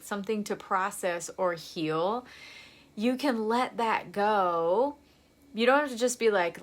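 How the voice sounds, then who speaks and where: A woman's voice: medium pitch, fairly bright tone. A woman energy healer chatting casually to viewers on a live video, laughing often and acting out little quotes.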